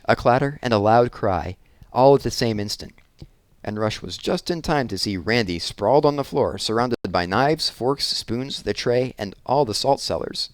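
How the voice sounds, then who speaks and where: A man narrating a children's novel aloud in a measured, expressive reading. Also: mid-range voice, no echo. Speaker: audiobook reader. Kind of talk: storybook narration.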